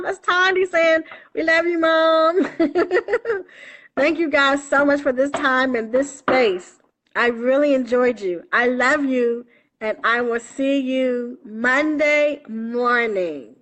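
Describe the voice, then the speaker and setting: A woman's voice: high voice, slow, a bit bright. Affectionate woman coach, laughing often. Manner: affectionate, laughing often, addresses viewers as baby and honey. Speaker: spiritual coach. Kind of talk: live-streamed casual talk. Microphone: phone.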